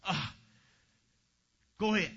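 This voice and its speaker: A male pastor preaching a sermon in a church, animated and joking with the congregation, breaking into shouts, on a dull lo-fi recording. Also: takes it slowly.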